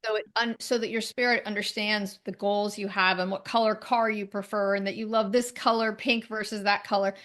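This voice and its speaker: A woman being interviewed as a spiritual teacher, talking in a chatty, animated way and laughing often. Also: medium pitch, a little fast, few pauses. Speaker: guest, medical intuitive and spiritual teacher. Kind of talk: conversational interview.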